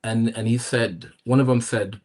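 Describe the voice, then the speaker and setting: A man in the middle of his range, talking casually as a podcast guest. He tells his story in animated bursts, jumping up in pitch when he quotes others and restarting his sentences often. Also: moderate pace. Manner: animated, acts out quoted voices with pitch jumps, many restarts.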